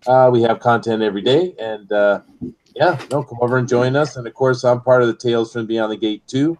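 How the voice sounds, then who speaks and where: A man on a casual livestream panel, friendly and hesitant, with many filler pauses. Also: mid-range voice, darkish tone, a little hiss or hum. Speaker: panel guest, writer.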